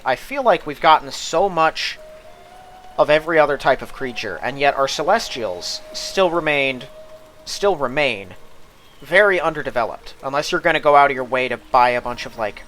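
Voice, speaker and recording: A man's voice: medium pitch, a bit bright, slight background noise. A man hosting a casual let's play with wry asides and on-screen text read aloud. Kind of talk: casual gameplay commentary.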